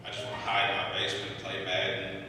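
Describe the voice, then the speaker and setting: A man's voice: low voice, little pitch movement, fast talker, noisy background. A man in his twenties performing a stand-up comedy set on a club stage, rambling loosely with lots of fillers, with audience laughter behind him. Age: 20s. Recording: echoey live room, mic far off.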